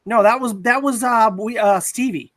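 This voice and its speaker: A man's voice: very high-pitched, normal speed, a bit bright, no room sound. A man hosting a casual film discussion podcast, recapping scenes in a hesitant way with many fillers. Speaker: podcast host.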